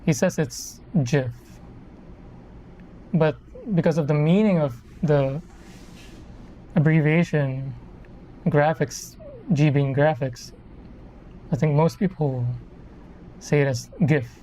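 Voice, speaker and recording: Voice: mid-range voice, steady tone, takes it slowly, long pauses, dark tone, a little hiss or hum. A person in their thirties from the Philippines, chatting casually on a live stream in a rambling, self-correcting way. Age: 30s. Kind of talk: casual live-stream chat while building a model kit.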